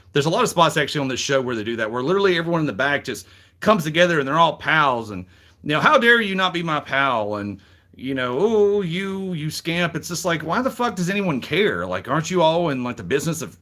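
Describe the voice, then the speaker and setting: A man's voice: on the high side, pushed and bright. A middle-aged man with a Southern US accent, casually recapping wrestling as a show host, rambling, frank and swearing freely. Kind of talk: casual commentary.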